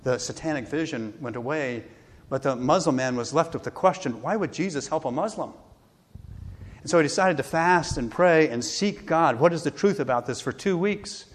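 A man preaching a sermon, earnest and steady, quoting scripture with rising emphasis. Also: on the high side, moderate pace. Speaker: pastor. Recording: long hall reverb.

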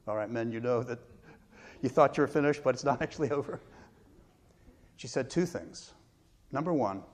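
Middle-aged man, pastor, sermon delivery, personal storytelling, mid-pitched voice. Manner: storytelling, warm pauses, self-deprecating laughs.

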